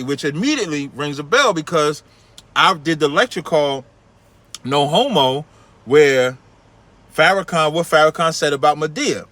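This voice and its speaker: A man's voice: moderate pace, no room sound. A man with a New York accent hosting a call-in radio show, telling a long story in casual talk and acting out the people in it. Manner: animated, acts out quoted people in a much higher voice.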